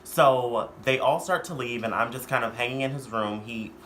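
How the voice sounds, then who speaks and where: A man's voice: medium pitch, normal speed, sharp tone, a little hiss or hum. A young man telling a storytime vlog in a casual, profane, rambling way. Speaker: vlogger.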